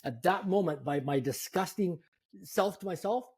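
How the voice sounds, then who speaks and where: A man in his fifties, a guest telling animated, self-deprecating stories in a conversation. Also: high-pitched, moderate pace, breathy edge. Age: 50s. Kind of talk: storytelling in a conversation.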